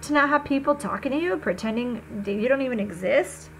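A woman's voice: high-pitched, animated, brisk, gravelly, a little hiss or hum, rough recording. A woman reading the lines of an easygoing, sheepish schoolboy in a storybook reading. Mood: casual.

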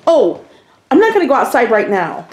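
An older woman with a slightly high voice gives a relaxed, chatty tour of her kitchen at home. She rambles into little asides and teases herself as she goes. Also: normal speed, slightly rough. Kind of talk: casual home tour chat.

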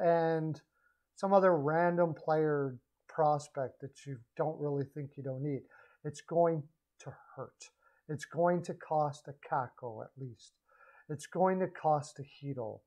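A man's voice: fairly high pitch, a little slow, low-quality recording. A man giving casual solo hockey trade commentary, rambling and correcting himself as he goes. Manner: rambling, self-correcting, animated asides. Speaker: hockey podcaster.

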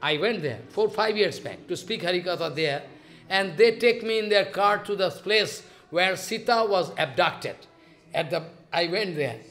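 Emphatic high-voiced man lecturing. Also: animated, unhurried, a bit bright. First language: Bengali. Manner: repetitive, emphatic storytelling with rising questions. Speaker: spiritual lecturer. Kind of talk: devotional lecture.

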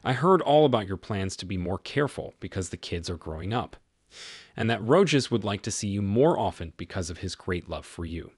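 A man voicing a cold, stern husband confronting his cheating wife, in a measured tone. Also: on the low side, animated, breathy edge, no echo, clean studio sound. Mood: accusing.

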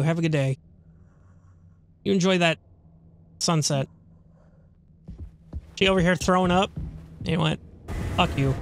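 A man's voice: high-pitched, fairly bright tone, slight background noise. A man hosting a let's play, giving sarcastic, profane running commentary on a horror game. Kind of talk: gaming commentary.

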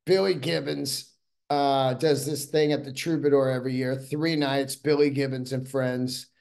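A man's voice: mid-range voice, steady tone, moderate pace, creaky, darkish tone. A man hosting his own podcast solo, rambling along in a casual, profane, enthusiastic way. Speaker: podcast host.

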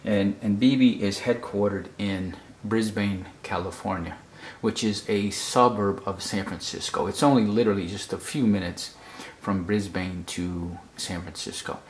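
A man's voice: fairly low pitch, steady tone, measured pace, few pauses, slight background noise. A man from the United States explaining a fashion photo casually, often repeating words and checking in with "okay?". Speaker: photography critic. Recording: roomy echo.

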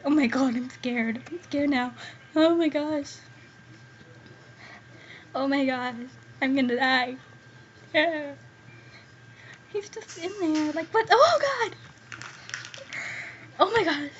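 A young woman giving excitable gameplay commentary as a gaming YouTuber, squealing and pleading when scared. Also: high-pitched. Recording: dull lo-fi home recording with faint hiss.

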